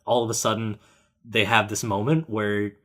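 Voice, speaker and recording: A man co-hosting a casual film podcast, talking animatedly and acting out characters in quick voices. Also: on the low side, little pitch movement, fairly bright tone. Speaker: podcast co-host.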